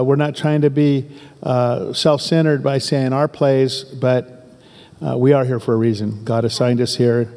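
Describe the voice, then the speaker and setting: A man's voice: mid-range voice, warm tone, long reverb tail. A man in his sixties from southern Oregon, a pastor giving an emphatic sermon full of repetition and folksy asides.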